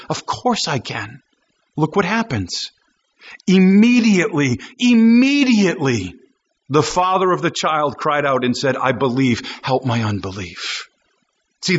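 Male preacher, high husky voice, emphatic rhetorical sermon, dull lo-fi recording. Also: a bit bright. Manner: emphatic, repeated rhetorical questions.

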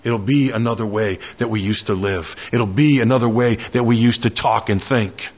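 A man's voice: lowish voice, moderate pace, husky, muffled recording. A man preaching a sermon, building in fervor through repeated lines and prayers. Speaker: pastor.

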